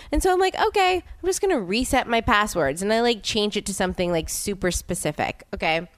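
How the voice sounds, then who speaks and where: A young woman chatting casually as a podcast host, telling a story with many fillers and sudden high exclamations. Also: normal speed, hardly any pauses, no room sound. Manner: animated storytelling with many "like" fillers, leaps in pitch when exclaiming. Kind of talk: casual chat.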